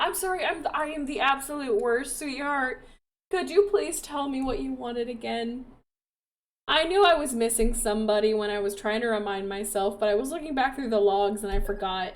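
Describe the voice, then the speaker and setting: A young woman chatting casually while playing a life-simulation game, apologetic, playful and quick to laugh. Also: high-pitched, expressive. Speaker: gaming streamer.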